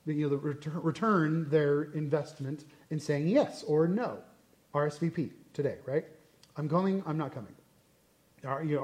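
A man teaches scripture in a relaxed, conversational style. He is animated and often drifts into asides. His voice sits fairly high. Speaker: Bible teacher. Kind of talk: casual Bible study teaching.

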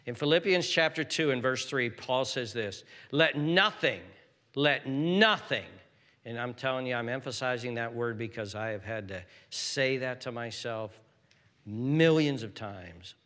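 Older pastor preaching, hushed to fervent. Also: male voice, moderate pace, in a large hall. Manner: emphatic, swings from hushed whispers to loud high-pitched exhortation. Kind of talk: sermon.

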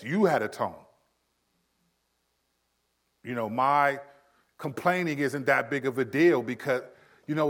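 A man in his thirties preaching a sermon in a conversational style, acting out quick quotes. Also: a little high, a bit bright. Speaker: pastor.

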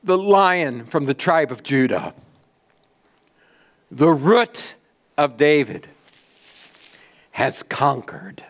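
A man preaching a sermon in a slow, dramatic delivery, with repeated rhetorical questions and lists, swinging from loud peaks down to near-whispers. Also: a little high, lively intonation. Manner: repetitive rhetorical cadence. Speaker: pastor.

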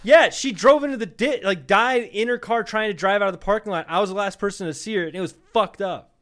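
A man's voice: high-pitched, quick pace, fairly bright tone. A young man co-hosting a comedy podcast, telling a rambling, profane story in casual chat. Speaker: podcast co-host.

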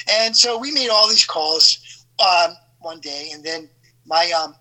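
A man in his fifties telling a story in casual chat as a podcast host, animated and acting out quoted voices. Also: high-pitched, slow pace, poor audio. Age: 50s.

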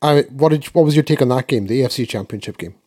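A man's voice: medium pitch, fast talker, mellow. A man hosting a sports podcast, asking easygoing questions and steering the chat. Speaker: podcast host.

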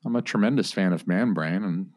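A podcast host who chats casually and trades crude jokes with his guests. His voice is fairly low. The sound is dry and close. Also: a little fast, a little mellow, dry recording. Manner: joking, crude banter.

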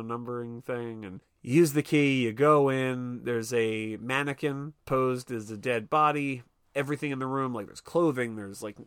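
A man's voice: medium pitch, fairly bright tone, clear, resonant tone, no echo, studio quality. A man co-hosting a podcast, casually recapping a film with lots of swearing and acted-out character lines. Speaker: podcast co-host.

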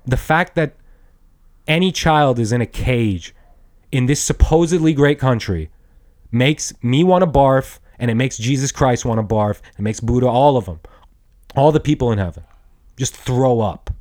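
A man in his thirties, a podcast host, delivering an angry, profane solo rant with shouted bursts. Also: medium pitch, moderate pace. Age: 30s.

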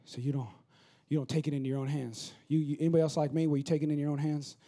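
A man in his thirties, a pastor, preaching a sermon in a conversational way that builds into rapid, repetitive crescendos. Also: fairly high pitch, flat delivery, dark tone.

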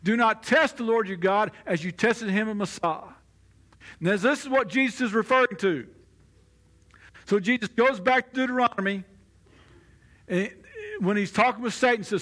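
A man's voice: sits high, normal speed, pauses often, fairly bright tone. A man preaching a sermon in a conversational way, now and then acting out the voices of the people he quotes. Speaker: pastor.

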